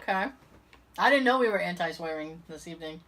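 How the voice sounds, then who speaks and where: Lively, animated woman podcast host. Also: lowish voice, brisk. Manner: animated storyteller, swears casually. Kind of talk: casual chat.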